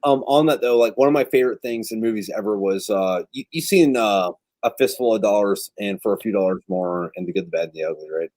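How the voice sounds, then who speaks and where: A man's voice: on the low side, quick pace, hardly any pauses, a little mellow, no echo. A man in casual chat, telling long rambling stories and swearing freely. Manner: rambling, profane storytelling.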